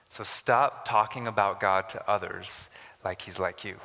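A man's voice: on the low side, steady tone, measured pace, sharp tone, big-room sound. A man preaching a sermon as a pastor, talking conversationally and building to emphatic rises.

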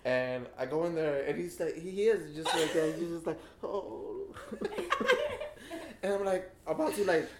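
Young man telling a halting story in an echoey room. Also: on the high side, very noisy. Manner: earnest, halting, repeats himself. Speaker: guest. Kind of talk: casual storytelling chat.

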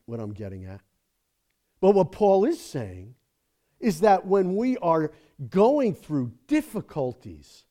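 A man's voice: mid-range voice, dark tone. A middle-aged man preaching a sermon as a guest speaker, talking casually and then building to emphatic peaks, checking in with "okay?" and "right?".

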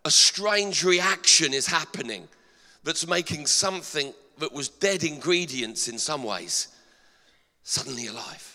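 A middle-aged male pastor delivering an energetic sermon in a church, asking the congregation rhetorical questions. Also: on the high side, a little slow. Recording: long hall reverb.

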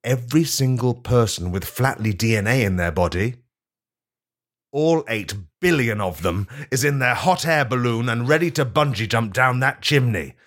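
A man narrating an absurd comedy tabletop game as game master, in a deadpan storytelling manner. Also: mid-range voice, normal speed.

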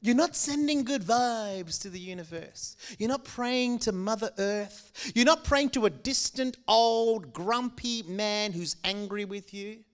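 Animated, conversational middle-aged preacher. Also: male voice, sits high, a little slow, few pauses. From Malaysia. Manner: animated, conversational, engaging the crowd. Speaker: pastor. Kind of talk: sermon.

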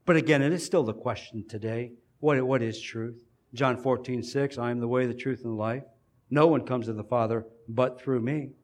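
A man preaching a sermon in an earnest way, building emphasis and pausing between phrases. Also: mid-range voice, steady tone.

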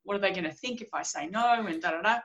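A woman's voice: mid-range voice, quick pace, fairly bright tone, poor audio. A woman in her forties hosting a casual podcast chat, speaking bluntly and emphatically as she tells a client story.

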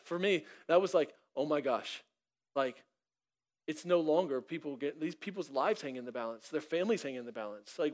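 A high-voiced male pastor delivers a sermon. He preaches in an animated way, often restarting a phrase and acting out short bits of dialogue.

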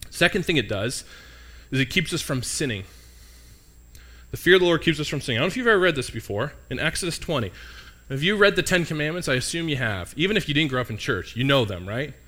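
This young pastor is a fast, animated talker with a fairly high voice and a bright, forceful tone. His sermon is conversational, full of questions for the congregation and jokes with listeners.

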